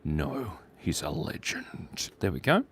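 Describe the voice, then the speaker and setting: A man's voice: deep voice, very animated, slow pace, vocal fry, slightly rough, no echo. A man hosting a live drawing stream, chatting playfully and reading out viewer names. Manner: playful, rambling, reads chat names aloud. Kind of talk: casual live-stream chat while drawing.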